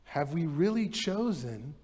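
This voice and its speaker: A man's voice: fairly high pitch, sing-song, measured pace, a little mellow, husky, in a large hall. A man preaching a sermon as pastor, telling stories in a casual, chatty way with many fillers. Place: church sanctuary.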